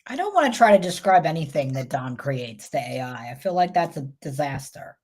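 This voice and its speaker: A woman's voice: low-pitched, very animated, fairly quick, a little mellow. A woman with a New York accent, hosting a casual tarot show with wry, rambling asides. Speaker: host tarot reader. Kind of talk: casual chat.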